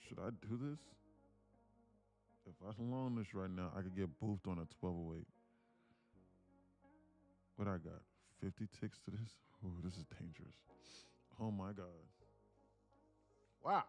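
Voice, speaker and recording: A man day trading on a live stream, talking to himself in low mutters and sudden excited bursts, laughing often. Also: a little slow, pauses often, soft background music. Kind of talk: casual live-stream commentary.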